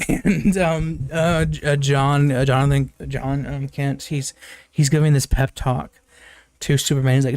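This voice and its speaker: In a slightly mellow, unhurried voice with little pitch movement, a young male reviewer rambles through a film recap, restarting often and leaning on fillers. He laughs and curses occasionally and spikes upward when imitating characters, captured in clean, studio-quality audio with no room sound.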